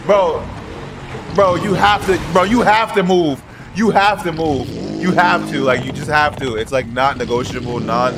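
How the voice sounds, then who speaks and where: Young man, gameplay commentary, excitable, profane, fairly high voice, game engine noise. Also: moderate pace. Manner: excitable, profane, yelling at other players. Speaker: gaming streamer. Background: car engine and game sounds.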